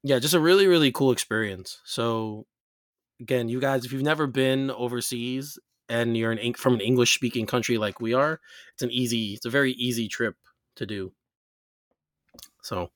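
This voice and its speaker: An American man hosts a casual podcast chat in a medium-pitched voice. He rambles through his points with frequent fillers and restarts. The sound is close and dry, with no room echo. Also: normal speed. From United States. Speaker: podcast host. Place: New York.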